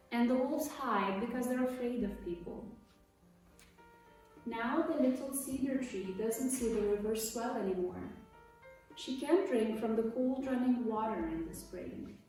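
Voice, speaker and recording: A teacher reading a children's story aloud in a steady way. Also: female voice, on the high side, unhurried. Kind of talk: storybook narration. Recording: echoey room, far from mic, faint music.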